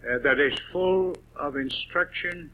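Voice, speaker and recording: A man preaching a sermon, deliberately stressing single words, with frequent "uh" pauses. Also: a little high, muffled recording.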